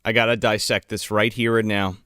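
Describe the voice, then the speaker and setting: A man's voice: on the low side, level tone, brisk, sharp tone, clear, resonant tone, no room sound, studio quality. A man co-hosting a casual movie review chat, ranting in an exasperated, profane way. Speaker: podcast co-host.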